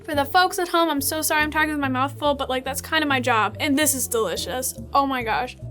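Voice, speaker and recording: A young woman hosting a casual food tasting vlog, bubbly and chatty, full of excited fillers. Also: high voice, fast, faint music behind. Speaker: host.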